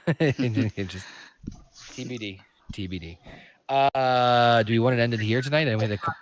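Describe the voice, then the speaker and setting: A man's voice: medium pitch, a little slow. A man co-hosting a podcast in casual chat, breaking in with short, hesitant remarks.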